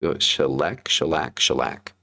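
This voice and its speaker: Co-hosting a casual livestream talk show, this thirtysomething father and podcast host tells stories candidly, cursing frequently and repeating himself. He has a very deep, creaky voice that sounds pushed and bright, and he talks a little slowly.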